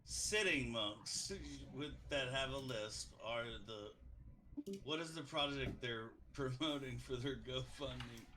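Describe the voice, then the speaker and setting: Bright-voiced, emphatic male player. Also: mid-range voice, slow, a little hiss or hum. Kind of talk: casual chat during a tabletop game.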